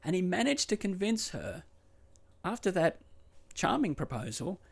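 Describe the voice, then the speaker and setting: A man's voice: sits high, very animated, unhurried, vocal fry, husky. A man hosting a podcast, retelling a true story in a chatty, wry way. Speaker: podcast host.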